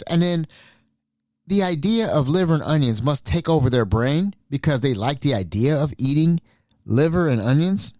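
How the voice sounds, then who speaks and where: Animated man telling a story emphatically. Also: a little high, normal speed, dry recording, studio quality. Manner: emphatic, repeats himself for effect; laughs between phrases. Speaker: cook at an elderly care facility. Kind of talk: casual storytelling monologue.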